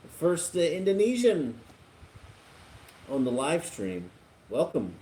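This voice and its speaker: A man's voice: fairly high pitch, wildly swooping pitch, takes it slowly, warm tone, slight background noise. A man hosting a casual live stream, chatting and laughing as he reads viewer comments aloud. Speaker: livestream host.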